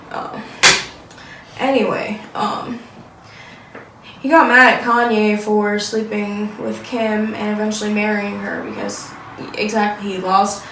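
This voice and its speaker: A woman's voice: mid-range voice, a little slow. A woman chatting casually as co-host, rambling, giggling and losing her train of thought. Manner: giggly, rambling, loses track. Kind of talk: casual chat. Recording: roomy, distant mic, faint background noise.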